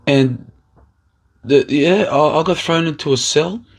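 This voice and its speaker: Impassioned husky man ranting. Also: a little high, a little slow. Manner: impassioned, rambling, restarts and repeats words. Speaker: aspiring political candidate. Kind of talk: emotional personal monologue.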